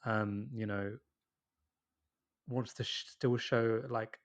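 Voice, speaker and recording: A man's voice: lowish voice, flat delivery, slow pace. A young man co-hosting a football podcast, speaking hesitantly with many you-knows and restarts. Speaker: podcast co-host. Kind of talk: casual football chat.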